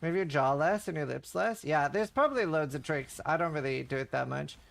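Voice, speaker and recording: Man, slightly high voice, rambling casual streamer chatter. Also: brisk, vocal fry. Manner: chatty, rambling, heavy use of "like". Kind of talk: casual livestream chat while gaming.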